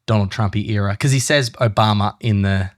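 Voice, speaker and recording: A man's voice: fairly low pitch, fairly quick, no room sound, clean studio sound. A man hosting a casual film podcast, rambling and cutting himself off with goofy asides. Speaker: podcast host.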